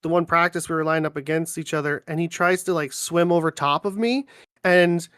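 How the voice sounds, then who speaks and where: A man, a livestream guest chatting in a relaxed, rambling way with many fillers. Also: a little high, a little fast, clean tone, no echo, clean studio sound. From Ontario, Canada. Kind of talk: casual chat on a livestream.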